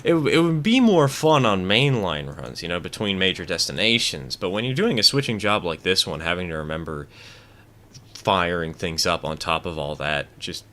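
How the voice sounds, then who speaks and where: Deep, bright-voiced male game streamer. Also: animated, moderate pace. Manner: chatty, rambling and opinionated, with fillers. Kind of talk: casual gameplay commentary, reading chat.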